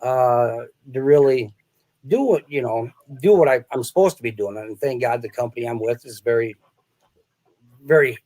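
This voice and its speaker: A man's voice: mid-range voice, moderate pace, darkish tone. A man who is a sales author, a guest in a casual interview, telling stories in a rambling way, often laughing and restarting his sentences. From small-town American Midwest.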